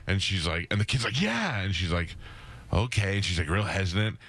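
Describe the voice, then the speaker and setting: A man's voice: sits low, fairly even intonation, fairly bright tone, dry recording. A male radio host telling stories in casual studio chat and acting out the people he quotes. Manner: fast-talking storyteller, acts out quoted voices.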